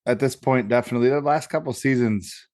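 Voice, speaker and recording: An agreeable, laid-back co-host on a casual podcast. The voice sits at a middle pitch. The sound is close and dry. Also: fast talker, a little mellow, no echo. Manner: laughs often, agreeable.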